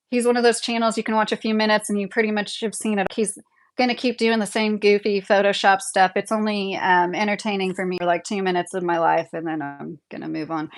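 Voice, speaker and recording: A young woman hosting a casual livestream from her home, reading viewer comments aloud, chatty and opinionated, laughing often. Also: medium pitch. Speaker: livestream host. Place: home, a double-wide trailer.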